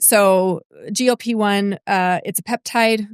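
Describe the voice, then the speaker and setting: Brief: woman clinician, mid-pitched, patient explainer, dry booth. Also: fairly even intonation, measured pace, clear, resonant tone, no echo. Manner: explanatory, many fillers. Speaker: nurse practitioner, podcast co-host. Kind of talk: casual medical podcast chat.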